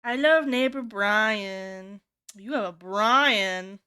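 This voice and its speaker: Young woman streamer from the US, clear bright voice, animated and swears a lot, shoots up in pitch for quotes. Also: extremely slow. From United States. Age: young adult. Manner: animated, swears freely, high-pitched when quoting others. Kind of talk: casual chat while working on stream.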